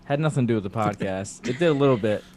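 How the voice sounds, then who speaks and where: A man's voice: medium pitch, lively intonation, racing, a little mellow, a little hiss or hum. A man hosting a podcast over a video call, telling a rambling, self-deprecating story from his bedroom with a table mic. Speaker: podcast host. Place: cluttered bedroom at home. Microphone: clamp mic on a table.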